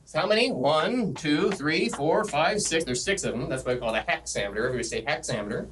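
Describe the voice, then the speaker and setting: Animated man lecturing on Latin poetry. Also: a little high, fast talker, hardly any pauses, slight background noise. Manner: animated and joking, chanting meter aloud. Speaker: Latin teacher giving a conference session. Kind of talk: lively classroom lecture. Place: conference classroom.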